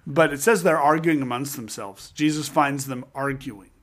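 A man's voice: medium pitch, normal speed. A man casually discussing scripture, retelling the story with energy and joking asides. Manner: animated storyteller who acts out quotes with jokes.

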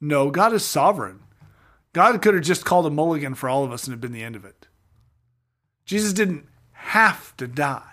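A slightly high-voiced middle-aged man, speaking at normal speed, hosts a podcast where he talks through scripture casually. His retelling is lively and jokey, with slangy asides sprinkled throughout.

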